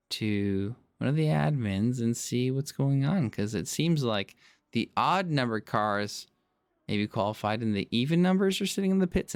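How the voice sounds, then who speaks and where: Unhurried, smooth-voiced male race commentator. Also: medium pitch, dry recording. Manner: apologetic, self-deprecating, chatty. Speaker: sim racing commentator.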